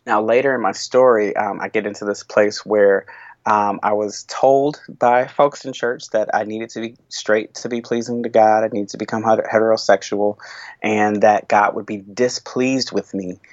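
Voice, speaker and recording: A man who is a worship leader speaking in an interview, thoughtful and halting, with frequent restarts and soft laughs. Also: lowish voice, steady tone, no echo, lo-fi sound. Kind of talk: reflective interview conversation.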